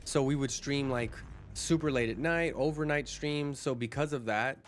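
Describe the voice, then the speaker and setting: A man's voice: mid-range voice, moderate pace, faint music behind. A man livestreaming, chatting casually with his viewers, reading chat aloud and often restarting his sentences.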